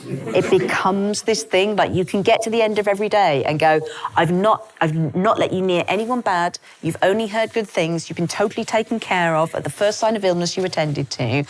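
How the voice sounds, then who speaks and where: Woman, 50s, low-pitched guest author; rapid, comic, self-mocking storyteller. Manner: rapid, animated storytelling with frequent laughs. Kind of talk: live podcast conversation.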